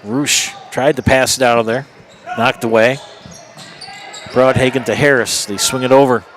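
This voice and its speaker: A man's voice: medium pitch, steady tone, a bit bright. Man calling basketball play-by-play. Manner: brisk, rising for big plays, counts down the clock. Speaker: play-by-play announcer.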